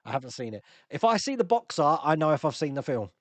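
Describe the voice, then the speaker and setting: A man's voice: fairly high pitch, very animated, fast talker, a bit bright, no room sound. A man hosting a casual live-stream Q&A, chatting and laughing as he answers viewer comments.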